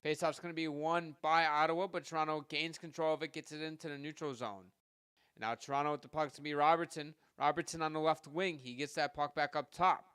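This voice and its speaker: A man giving live hockey play-by-play from home, rattling off passes and shots and getting louder on goals, with casual asides to his listeners. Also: on the high side, fairly even intonation, fast, clear, resonant tone, dry recording, studio quality. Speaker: podcast host doing live play-by-play.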